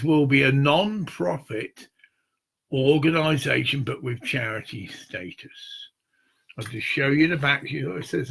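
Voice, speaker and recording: A man giving a rambling, informal pitch for a charity promotion project, swearing freely and checking in with "see?" and "get it?". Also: gravelly, bright, forceful tone, slightly rough. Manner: meandering, profane, repeats "see" and "get it".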